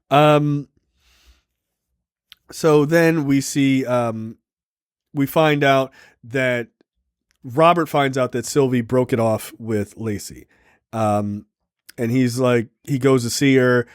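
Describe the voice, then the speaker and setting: Speaking slowly with long pauses, this man has a smooth, mid-range voice, recorded in studio quality with no echo. Co-hosting a casual film review podcast, he gives an animated retelling of a movie, peppered with fillers and playfully performed quotes.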